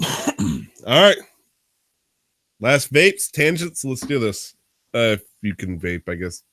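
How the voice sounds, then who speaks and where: A man's voice: medium pitch, big pitch swings, unhurried, sharp tone, no room sound, clean studio sound. A young man hosting a casual podcast, teasing his co-host and joking around. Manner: joking, teasing, hypes himself up.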